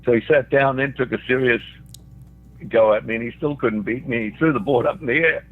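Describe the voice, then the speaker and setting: Heard on a tinny phone line, an older Australian guest with a medium-pitched voice tells anecdotes fairly quickly. He chuckles throughout his stories.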